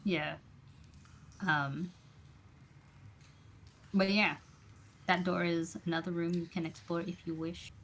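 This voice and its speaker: A woman running a tabletop game as game master, narrating in a loose, enthusiastic way. Her voice is bright and a little low. There is a faint hiss behind her. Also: fairly even intonation, takes it slowly, pauses often.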